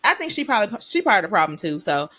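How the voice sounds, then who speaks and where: A woman co-hosting a faith podcast, chatting casually in an animated, emotional way. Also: mid-range voice, fast talker. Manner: animated, emotional storyteller, Southern US dialect forms. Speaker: podcast co-host. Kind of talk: casual chat.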